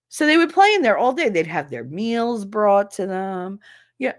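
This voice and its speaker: A woman's voice: fairly high pitch, very animated, normal speed. A woman who is a former schoolteacher, talking bluntly and with profanity in a casual livestream chat. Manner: blunt and profane, acts out quoted voices.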